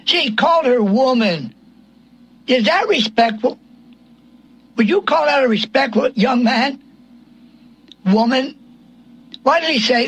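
A man's voice: very high voice, expressive, a little slow, a bit bright, husky, poor audio. A man preaching a sermon, asking rhetorical questions and quoting scripture in old King James wording.

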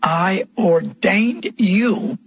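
An older man preaching a sermon, telling his testimony slowly and emphatically, with voice rising into cries. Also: sits high, slightly rough, dull audio. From Pennsylvania, USA.

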